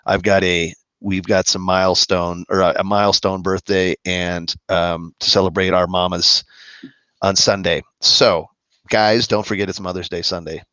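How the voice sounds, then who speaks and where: A man co-hosting a casual live-stream chat, talking in a friendly, rambling way with many halting restarts. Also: low-pitched, flat delivery, sharp tone, no room sound. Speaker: co-host of a musicians' live chat. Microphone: video call. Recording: dull lo-fi stream audio.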